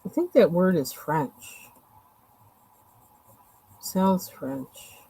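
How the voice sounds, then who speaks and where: A woman's voice: lowish voice, sing-song, drawn-out words, dark tone, husky, low-quality recording. A woman chatting casually and rambling with lots of fillers while she colors on a livestream. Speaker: livestream host.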